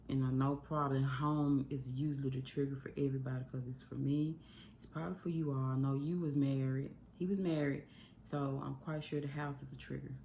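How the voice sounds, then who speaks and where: A woman with a rumbling low, dark voice full of vocal fry addresses the camera emotionally about grief from her home. Using her phone mic, the YouTube host rambles and varies her pace, with a bit of hiss or hum audible.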